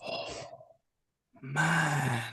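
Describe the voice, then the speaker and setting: A man's voice: on the high side, extremely slow, sharp tone, breathy edge, no echo, clean studio sound. A man hosting a casual podcast chat, reacting with short enthusiastic words and often saying "man". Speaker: podcast host.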